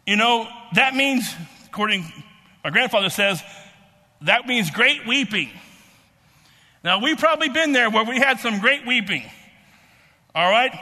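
Male preacher, very high and bright tone, halting delivery, long hall reverb. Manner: halting, repeats words, many fillers. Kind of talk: sermon.

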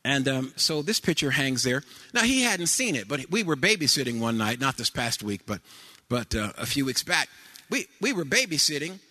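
Animated preacher man, lively singsong delivery. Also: mid-range voice, moderate pace. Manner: animated preaching, rising to sung cadences and shouts; homely storytelling with fillers. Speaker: pastor. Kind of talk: sermon.

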